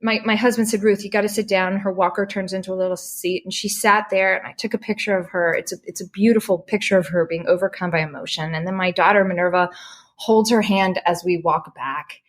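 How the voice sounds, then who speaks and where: A middle-aged woman recounting a personal memory in an animated, emotional way. She restarts her sentences often as feeling catches up with her. Her pitch sits in an ordinary middle range for a woman. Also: fairly quick. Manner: animated, restarts when moved. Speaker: podcast guest, correspondent. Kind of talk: emotional storytelling.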